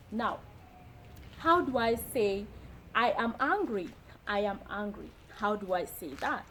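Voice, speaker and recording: A woman from Kenya gives a beginner language lesson at a very unhurried pace, saying each phrase twice or more. Her voice sits at an ordinary middle pitch. A faint hiss of rain runs underneath the recording. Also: low-quality recording. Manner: repeats each phrase slowly and deliberately. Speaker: language teacher. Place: indoors during heavy rain.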